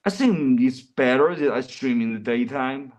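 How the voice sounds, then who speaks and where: A man's voice: medium pitch, normal speed, a little mellow. A man livestreaming in casual, rambling chat, often calling his viewers bro.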